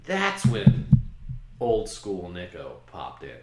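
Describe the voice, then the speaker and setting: A man's voice: low-pitched, takes it slowly, a little hiss or hum. A man hosting a podcast, casually telling a self-mocking story about his own past. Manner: self-mocking, animated retelling. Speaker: podcast host. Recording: roomy echo.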